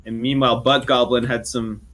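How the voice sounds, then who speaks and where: A man's voice: medium pitch, flat delivery, brisk, a bit bright. A man co-casting an esports match, chatty and joking, laughing often. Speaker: esports co-caster. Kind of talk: esports color commentary.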